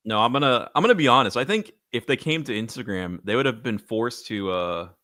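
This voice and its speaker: A young man co-hosting a comedy podcast, offhand and quick to laugh. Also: medium pitch, lively intonation, sharp tone. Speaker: podcast co-host. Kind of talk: casual comedy chat.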